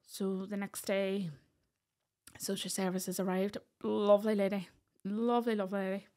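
A woman tells her own story as a podcast guest. She speaks earnestly in a mid-pitched voice with fairly flat intonation. She acts out the lines of the people in her story. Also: moderate pace. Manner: earnest, acts out what others said. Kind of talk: personal storytelling in conversation.

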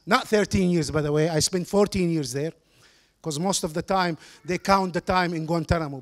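High-voiced man giving an earnest charity speech. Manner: sprinkles religious phrases, earnest and persuasive; non-native English grammar. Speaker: speaker at a charity fundraiser. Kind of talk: public speech with storytelling.

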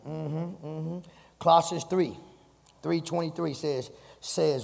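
A man preaches to his congregation with a husky, gravelly voice that sits a little high for a man. He drops into quiet, low lines and then climbs into fervent, shouted passages. Long reverb from the church hall trails each phrase. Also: fairly even intonation, slow pace. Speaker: pastor. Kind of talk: sermon.

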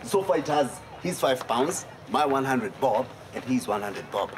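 A man's voice: medium pitch, lively intonation, moderate pace, noisy background, close to an everyday voice. An actor playing a bantering village man in a television drama. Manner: teasing, bantering. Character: joking village man betting with friends.

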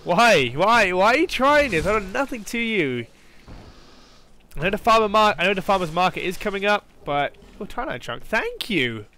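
Jumpy, high-pitched gaming commentator man. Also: normal speed. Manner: excitable, jumpy, swears and squeals when scared. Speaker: gaming YouTuber. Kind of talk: let's play commentary.

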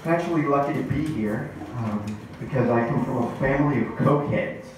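A man's voice: medium pitch, a little fast, background noise. A man doing a stand-up set at an open mic, with wry, self-deprecating setups. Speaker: stand-up comedian. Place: comedy club stage. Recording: echoey club mic heard from far off.

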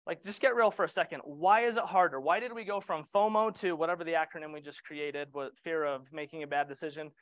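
A man's voice: a little high, quick pace, few pauses, fairly bright tone, no room sound. Casual man coaching a room. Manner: casual, joking, asks the room questions. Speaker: real estate trainer. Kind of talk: training session talk.

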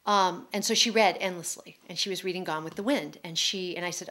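A middle-aged woman, an author, telling an emotional personal story at a public talk in a candid, quick-flowing way. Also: fairly low pitch, bright, forceful tone. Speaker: author speaking at a public forum.

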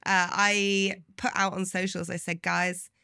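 A woman's voice: fairly low pitch, level tone, unhurried, vocal fry, sharp tone, clear, resonant tone, no room sound, clean studio sound. A woman co-hosting a casual chat podcast, chatty and laughing often. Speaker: podcast co-host.

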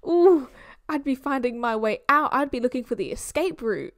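A young woman with a British accent reacts to a film in a chatty, teasing way. Her voice sits high. The sound is close and dry, with no room around it. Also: animated, moderate pace, no echo. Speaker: movie reaction host. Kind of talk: casual reaction commentary.

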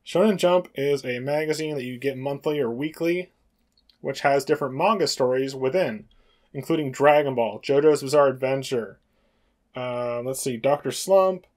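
A man at an everyday middle pitch gives a relaxed tour of his game collection. He rambles along, pausing on fillers and correcting himself as he goes. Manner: rambling, hesitant with many fillers. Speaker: retro game collector and channel host. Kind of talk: casual video tour.

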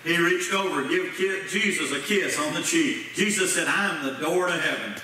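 A man's voice: fairly high pitch, moderate pace, sharp tone. A man preaching a sermon as pastor, folksy and plain-spoken, putting questions to the congregation. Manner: folksy preaching with Southern-style grammar, asks the congregation questions. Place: church sanctuary. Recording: echoey church sanctuary from far off, faint noise.

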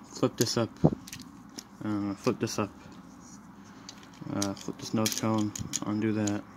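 A man's voice: fairly low pitch, little pitch movement, slow pace. A man doing a casual, rambling toy review at home, apologetic and frustrated. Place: room in a house. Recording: noisy home recording.

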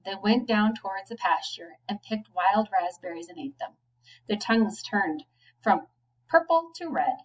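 A woman, a teacher, reading a children's novel aloud, giving the children's lines a lively lift. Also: medium pitch, distant mic, rough recording. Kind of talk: storybook read-aloud.

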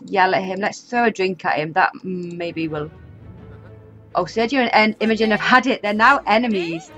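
A woman narrates her life-sim session in a casual, running commentary. She is chatty and quick to exasperation, laughing often. Her mid-height voice comes through a slightly muffled, lo-fi home microphone. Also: medium pitch, a bit bright, soft background music. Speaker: gaming YouTuber. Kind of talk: casual let's-play commentary.

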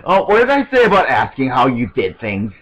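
A man's voice: medium pitch, huge pitch swings, fairly quick, a bit bright, rough recording. A man putting on a mock-ominous theatrical voice.

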